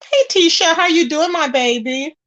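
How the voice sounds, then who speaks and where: A high-pitched woman hosting a gossip livestream in a casual, talkative way. She stays emphatic and greets her viewers by name between points. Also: normal speed, a bit bright. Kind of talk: casual live-stream chat.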